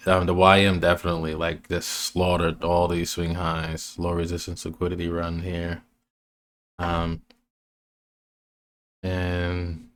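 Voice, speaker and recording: Low-pitched male trading educator, slow and flat, loose rambling walkthrough. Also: slight background noise. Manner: rambling, restarts often, many fillers. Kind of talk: casual chart walkthrough.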